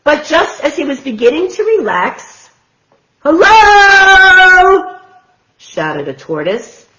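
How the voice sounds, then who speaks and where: A woman hosting a children's storytime, reading picture books aloud in a gentle, expressive way. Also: fairly high pitch, measured pace, noisy background. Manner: gentle, expressive, sing-song. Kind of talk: picture book read-aloud for toddlers.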